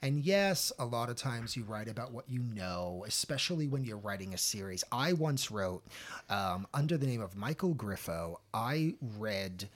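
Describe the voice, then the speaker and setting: A man chatting as a guest author on a podcast, playful and animated, often slipping into silly voices. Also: medium pitch, moderate pace. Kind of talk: casual podcast chat.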